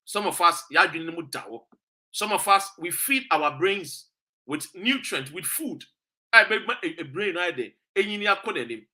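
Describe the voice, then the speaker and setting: A man's voice: sits high, expressive, moderate pace, pushed and bright. A Ghanaian man hosting a passionate political monologue, switching between English and Twi with preachy emphasis. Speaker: political commentator and show host.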